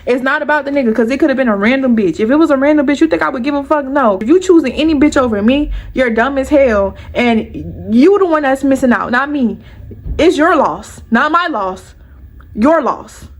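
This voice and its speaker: A young woman vlogger telling a personal story to her viewers in an animated, heated, profane way. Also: high voice, fast talker, hardly any pauses.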